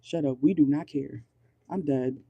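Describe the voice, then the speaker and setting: A man's voice: a little high, normal speed, husky, no echo, highs cut off. A man voicing a sassy, fed-up house pet that talks in a dismissive, exasperated way.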